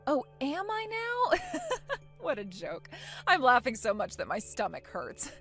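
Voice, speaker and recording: A woman voicing a calm, sarcastic young woman who talks softly and coolly in an animated story. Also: fairly high pitch, moderate pace. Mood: mocking. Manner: soft, cool, sarcastic. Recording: faint music underneath.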